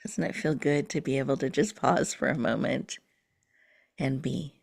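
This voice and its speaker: A woman host leading a slow, soothing guided breathing meditation, sometimes dropping to a whisper. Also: a bass voice, creaky, a little mellow, slightly rough.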